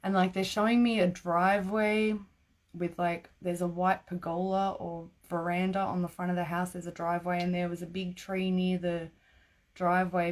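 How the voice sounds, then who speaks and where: Lady doing psychic readings live, kinda low voice, chatty, laughs a lot, says like constantly. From Australia. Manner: chatty, laughs often, many "like" fillers. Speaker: psychic reader.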